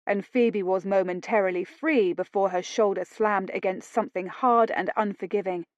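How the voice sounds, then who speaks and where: A woman narrating an audiobook romance in a slow, deliberate reading. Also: mid-range voice, a little mellow, no echo, dull audio.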